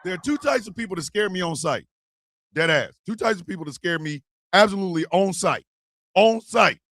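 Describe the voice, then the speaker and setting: A man hosting a live stream show, telling animated, profane jokes in a casual rant. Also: high voice, a little fast. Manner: animated, joking, profane storytelling. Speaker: host.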